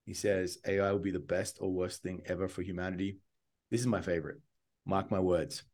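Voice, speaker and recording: A man co-hosting a podcast, speaking calmly and reading quotes in a measured way. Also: low-pitched. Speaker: podcast co-host. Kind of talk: casual chat, reading quotes aloud.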